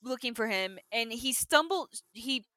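A woman's voice: a little high, measured pace, dry recording. A young woman co-hosting a podcast, animatedly recapping a TV episode in casual chat, peppering her story with "like". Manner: animated storyteller, heavy use of "like". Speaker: podcast co-host.

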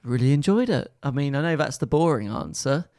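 A man's voice: medium pitch, animated, fairly quick, darkish tone. A man, co-hosting a casual podcast chat, laughing easily and mimicking characters. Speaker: podcast co-host.

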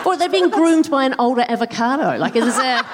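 A woman trades dry, quick-witted quips in a high, lively voice. Her pitch rises and falls freely. A clear hiss and stray clicks sit under the recording. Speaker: comedy podcast co-host. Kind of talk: live comedy banter. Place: theatre stage.

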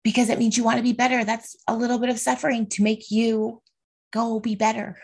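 With a fairly high, flat-sounding pitch, a brisk pace, a darkish tone and a breathy edge, this woman in her thirties hosts a casual solo podcast. She's sincere and heartfelt, opening up about faith and feelings and regularly checking in with "right?" and "okay."

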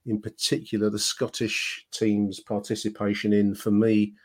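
A man hosts a podcast in a relaxed, chatty voice that wanders and restarts as he goes. His voice sits somewhat low. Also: normal speed. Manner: chatty, meandering, full of restarts. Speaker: podcast host. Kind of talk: casual podcast chat.

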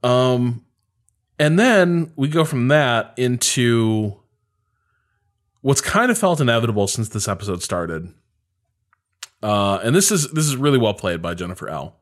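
A man's voice: mid-range voice, sing-song, unhurried, long pauses. A man co-hosting a casual podcast, analyzing the story with enthusiasm and frequent fillers. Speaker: podcast co-host. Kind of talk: casual chat analyzing a period drama.

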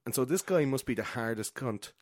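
A man co-hosting a casual film chat, swearing freely and acting out quotes in loud, high voices. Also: expressive, brisk, dry recording, studio quality. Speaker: podcast co-host.

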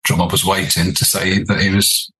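An older English man, a podcast guest, telling animated anecdotes with laughs and restarts. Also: sits low, normal speed, rough recording. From England. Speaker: podcast guest, former band leader. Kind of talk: storytelling interview.

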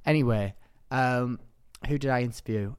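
A man's voice: mid-range voice, moderate pace, clean tone. A young man co-hosting a podcast, telling jokey, rambling stories in casual chat and jumping between topics. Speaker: podcast co-host.

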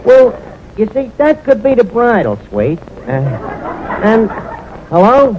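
A man's voice: extremely high pitch, very animated, takes it slowly, crowd noise, heavily acted. A man playing a brash, wisecracking tavern manager in a 1940s radio sitcom, rambling with fillers and mangled words. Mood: fumbling, boastful. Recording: dull noisy 1940s radio transcription.

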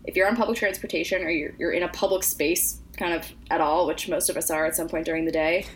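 A woman's voice: on the low side, steady tone, quick pace, slight background noise. A young woman co-hosting a casual podcast, talkative and earnest, with plenty of "you know" and "like.". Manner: earnest, talkative, many fillers. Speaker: podcast co-host. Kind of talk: casual chat.

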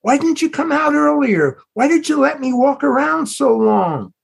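A man's voice: very high-pitched, expressive, normal speed, vocal fry, voice pushed up, full character voice. A man doing a desperate, pleading father. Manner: pleading, breaking, self-reproaching. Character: frantic middle-aged father searching for his lost daughter. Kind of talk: dramatic reading of a novel.

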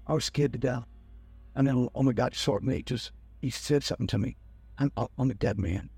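A man's voice: mid-range voice, a little fast, gravelly, darkish tone, breathy edge, no echo, soft background music. An older man telling a rambling personal story in casual talk, acting out the people he quotes. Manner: rambling, acts out quoted officers. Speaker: guest telling his life story.

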